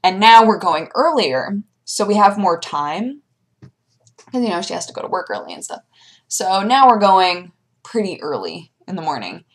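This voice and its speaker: A young woman vlogger chatting casually, telling animated stories and jumping into high squeaky voices for her pets. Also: normal speed. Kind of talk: casual chat.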